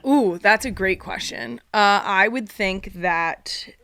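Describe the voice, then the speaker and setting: A woman's voice: mid-range voice, gravelly, sharp tone, no room sound. Woman, 30s, Philly accent, teasing, laughing, dry close sound. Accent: Philadelphia. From Philadelphia area. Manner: playful, quick laughs, teasing. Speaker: podcast guest. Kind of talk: casual chat.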